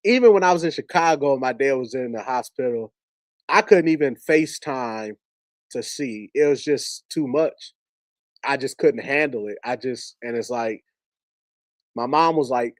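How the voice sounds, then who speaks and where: A man's voice: mid-range voice, dry recording. Candid man with a dry, close sound. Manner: candid, halting, laughs while telling stories. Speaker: host. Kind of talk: personal storytelling on a livestream.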